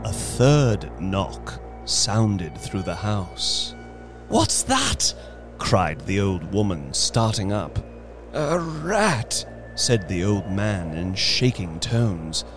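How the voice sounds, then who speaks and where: A man narrating a horror story in a slow, hushed, suspenseful dramatic reading. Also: deep voice, music in the background.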